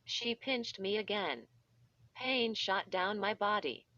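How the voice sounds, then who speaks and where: A woman's voice: medium pitch, animated, slow pace, bright, forceful tone, dry recording. A synthetic-sounding woman reading a children's horror story aloud, reading the text literally and spelling out letters. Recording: dull lo-fi.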